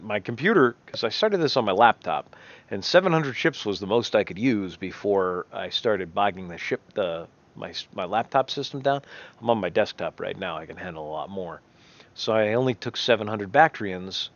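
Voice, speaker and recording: A man's voice: sits low, expressive, moderate pace, dull audio. A man giving casual, rambling game commentary, often correcting himself as he thinks aloud. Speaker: gameplay commentator.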